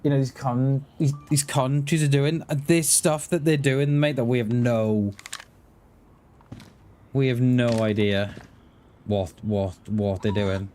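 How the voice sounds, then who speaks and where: A man's voice: mid-range voice, steady tone, takes it slowly, mellow, slight background noise. Rambling male game streamer. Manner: rambling, restarts words often, talks to chat. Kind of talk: casual livestream chat while gaming.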